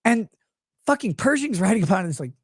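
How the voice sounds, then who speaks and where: A man's voice: high-pitched, big pitch swings, fast, slightly rough, no room sound, clean studio sound. A man from the United States hosting a show, ranting about politics with sarcasm, profanity and mocking asides. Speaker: show host.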